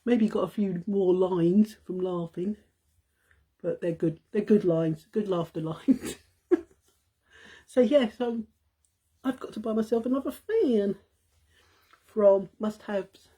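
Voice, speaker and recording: A woman's voice: mid-range voice, slow, pauses often, mellow, breathy edge. A middle-aged woman, chatting casually to viewers on a live stream, telling a funny family story and laughing often.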